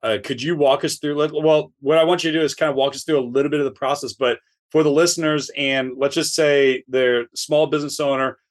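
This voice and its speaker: A man's voice: on the high side, steady tone, fairly quick, few pauses. Rambling man podcast host. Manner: rambling, restarts his questions. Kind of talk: interview questions.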